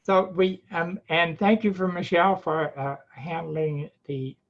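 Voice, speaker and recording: A man with a Devon accent, the club president, giving halting, appreciative closing remarks on a video call. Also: a little high, steady tone, lo-fi sound. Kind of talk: casual meeting remarks.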